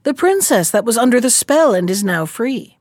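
A woman voicing a sly little fair-haired serving boy in a brisk, plain storybook manner. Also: on the high side, big pitch swings, a little mellow, no echo, studio quality.

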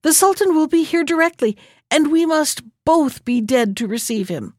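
A woman reading aloud voices a sly, quick-witted man who schemes in an urgent, raised tone. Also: high-pitched, animated, no room sound, studio quality, voice pushed up.

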